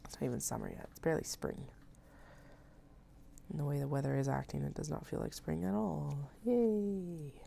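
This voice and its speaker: A woman in her thirties with a very deep, gravelly voice talks her way through a sewing session at home, thinking aloud and poking fun at herself. Her tone is dark and mellow, and she drifts a little closer to and further from the mic as she works. A faint hiss sits under the recording. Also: a little fast, long pauses. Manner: chatty, thinking aloud, self-mocking. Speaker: crafter live-streaming her sewing. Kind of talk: casual chat while working.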